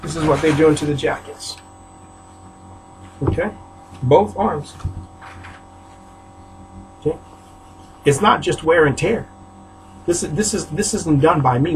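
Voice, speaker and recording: A man's voice: fairly high pitch, takes it slowly, pauses often, a little hiss or hum, poor audio. A man from Haiti ranting to camera in his apartment, aggrieved and repetitive, often rising into outbursts. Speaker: preacher. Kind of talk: agitated video rant. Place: apartment, indoors.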